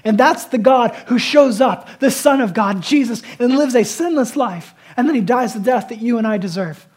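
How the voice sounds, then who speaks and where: A man preaching a passionate sermon, swinging between loud emphasis and quiet intensity. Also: very high voice, moderate pace, breathy edge. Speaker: pastor.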